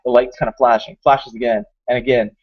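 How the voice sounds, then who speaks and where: Brief: male podcast host, rapid and a bit high, rambling storyteller, dull lo-fi sound. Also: husky. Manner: animated, rambling storyteller full of fillers and acted quotes. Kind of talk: casual storytelling chat.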